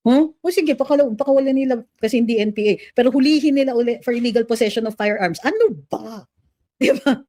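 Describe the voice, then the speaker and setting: A middle-aged woman with a Filipino accent speaks in a fairly high yet mellow voice, recorded close and dry. She delivers her political commentary as a lawyer, switching between Filipino and English with animated, opinionated emphasis. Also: fast talker, no echo. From Philippines.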